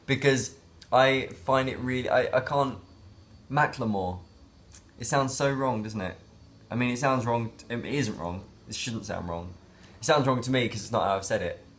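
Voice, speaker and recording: A man's voice: mid-range voice, moderate pace, a bit bright. A man talking in a casual daily vlog, rambling and reflective, with many fillers and restarts. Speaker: vlogger.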